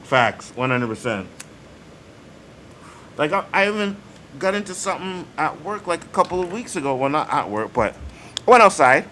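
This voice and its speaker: A man's voice: medium pitch, sharp tone, slight background noise. Profane, emphatic man hosting a chat. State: coughing. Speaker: show host. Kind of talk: casual livestream chat.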